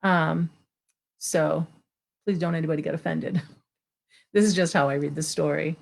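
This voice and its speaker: A woman with a slightly low-pitched voice chats casually with viewers before a live story hour. She then reads a children's tale aloud with an expressive, friendly delivery. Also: moderate pace, creaky. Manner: chatty, greets viewers by name, reads expressively. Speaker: storyteller hosting a live reading. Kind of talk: casual live-stream chat and read-aloud.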